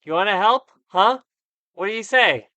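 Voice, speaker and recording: A man voicing a terrified gibbering madman in a computer role-playing game, shouting in frantic babbling bursts. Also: high-pitched, lively intonation, moderate pace, dry recording, pitched above the performer's own voice. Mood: sly. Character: terrified gibbering madman, adult male survivor. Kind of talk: reading game text aloud.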